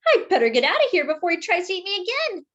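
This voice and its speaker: A woman's voice: big pitch swings, fairly bright tone, heavily acted. A woman voicing a fussy, dramatic little male doughnut that talks in a prim, indignant way. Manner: prim, indignant, high and slow. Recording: dull lo-fi sound.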